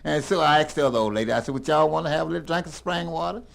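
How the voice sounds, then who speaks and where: An older man telling a rambling tall tale in a folksy, animated drawl. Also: on the high side, racing, vocal fry. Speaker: storyteller.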